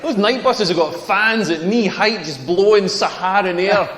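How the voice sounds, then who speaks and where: A man's voice: high-pitched, moderate pace, a crowd in the background. A Scottish man in his forties performing a bawdy stand-up comedy routine, rambling through stories and acting out little asides. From Scotland. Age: 40s. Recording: echoey hall with long reverb.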